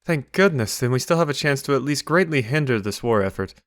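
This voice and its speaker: A man's voice: mid-range voice, lively intonation, a little fast, no room sound, clean studio sound, natural voice. A man voicing an earnest young prince who speaks urgently. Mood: relieved.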